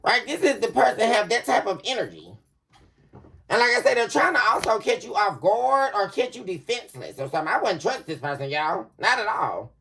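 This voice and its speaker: Animated woman giving a tarot reading. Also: medium pitch, fairly quick, creaky, faint music behind. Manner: animated, laughing, addresses viewers as y'all. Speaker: tarot reader. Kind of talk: casual psychic reading to viewers.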